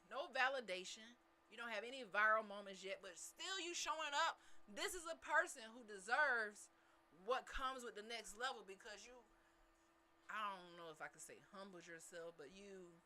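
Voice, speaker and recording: Bright, emphatic woman live-streaming. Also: mid-range voice, expressive, normal speed, slight background noise. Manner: preachy and emphatic, with African American English grammar. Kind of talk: motivational live-stream talk.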